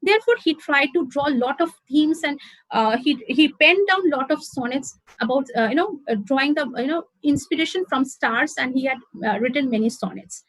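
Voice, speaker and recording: A woman's voice: high voice, normal speed, fairly bright tone, dry recording, poor audio. A middle-aged woman from India giving an online literature lecture over a video call, explaining step by step with fillers and self-corrections. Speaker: guest lecturer.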